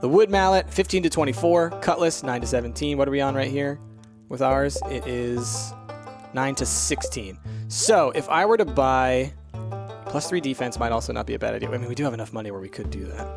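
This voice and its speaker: A man recording a relaxed let's-play, talking through his choices as he goes and thinking aloud, with plenty of fillers and restarts. His voice sits at an ordinary middle pitch, and soft game music plays faintly underneath. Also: fairly quick, gravelly. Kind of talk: casual gameplay commentary.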